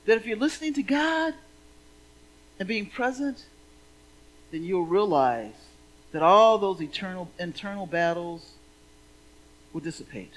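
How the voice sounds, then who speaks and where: A woman's voice: mid-range voice, lively intonation, measured pace, pauses often, rough recording. A woman minister giving a sermon in a playful, conversational way.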